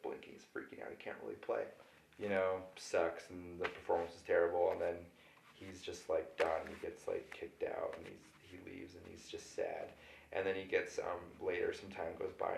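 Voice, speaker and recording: Drunk man rambling in an echoey room. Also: lowish voice. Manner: loose, rambling, swinging loud and quiet. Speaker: drunk movie recapper. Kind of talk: rambling comedic film recap.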